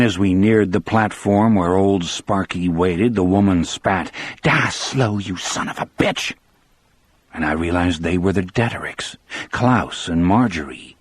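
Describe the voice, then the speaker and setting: A man narrating an audiobook in the first person, with measured storytelling. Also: low-pitched, husky, dry recording.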